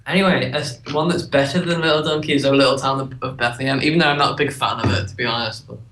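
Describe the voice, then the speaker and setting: A man's voice: mid-range voice, fairly even intonation, rapid-fire, fairly bright tone, recorded from a distance. A man chatting casually as a guest, with many fillers. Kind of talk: casual chat. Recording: echoey room, off-mic.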